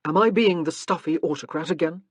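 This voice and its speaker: A woman's voice: low-pitched, a little fast, breathy edge, no room sound. Woman reading as a rueful protective young lord. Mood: wry. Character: stern protective young nobleman, rueful, dry humor. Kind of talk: audiobook character reading.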